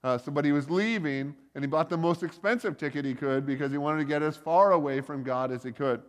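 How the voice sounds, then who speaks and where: A man's voice: on the high side, fairly quick. A man preaching a casual sermon, retelling a story with joking asides and lots of "like" and "uh". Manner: conversational, joking asides, many likes and uhs. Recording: long reverb of a hall.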